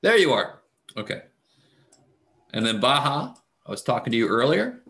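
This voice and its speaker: Casual male math instructor on a video call, mid-pitched, easygoing and filler-heavy. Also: moderate pace. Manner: relaxed, chatty, many fillers. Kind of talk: casual online class talk. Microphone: computer mic on video call.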